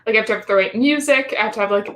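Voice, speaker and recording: A young woman in casual conversation who pauses often and keeps searching for the right words. Her talk is loose and unhurried in its phrasing. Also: medium pitch, fairly bright tone. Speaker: guest, college friend. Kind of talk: casual chat.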